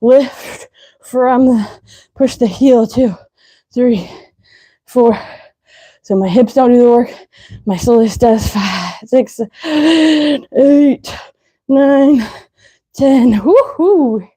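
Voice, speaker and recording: A woman's voice: on the high side, drawn-out words, pauses often, dark tone, slightly rough. A woman fitness instructor coaching a live leg workout, out of breath, counting reps aloud and giving short cues.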